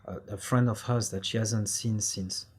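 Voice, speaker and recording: Husky podcast host man. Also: fairly low pitch, fairly even intonation, normal speed. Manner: open and candid, with many fillers and restarts. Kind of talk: casual conversation.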